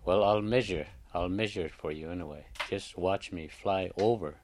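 A man's voice: low voice, normal speed, darkish tone, natural voice. A man voicing a clever, persuasive male raven who coaxes and insists. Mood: confident. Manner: coaxing, insistent.

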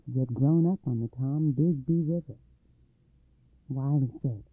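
A man reading a folktale aloud, expressive, shifting his pitch and volume. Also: measured pace, no echo. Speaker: storyteller. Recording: dry tinny phone-like line.

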